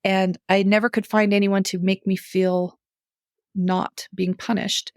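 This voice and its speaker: A middle-aged woman, a guest on a podcast, telling a personal story in casual conversation, animated, acting out her own reactions and laughing often. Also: mid-range voice, measured pace, no echo, clean studio sound.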